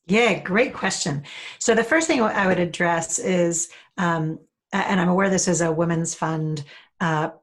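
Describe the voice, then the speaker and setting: A New woman speaking as a guest, telling a story in an animated way and acting out the people she quotes. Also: on the low side, measured pace. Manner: animated, acts out quoted voices. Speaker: guest speaker, leadership facilitator. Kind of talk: storytelling conversation.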